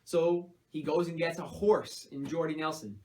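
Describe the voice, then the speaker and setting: A man's voice: a little high, fairly even intonation, normal speed, dark tone, a little hiss or hum, poor audio. A man hosting a casual sports league recap, chatty and upbeat with lots of sports banter. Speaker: host.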